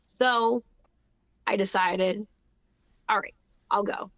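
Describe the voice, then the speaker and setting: A woman's voice: mid-range voice, fairly even intonation, takes it slowly, fairly bright tone, no echo, muffled recording. A woman in her thirties from New Jersey, talking in a casual, upbeat interview with lots of fillers and restarts. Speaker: guest singer-songwriter.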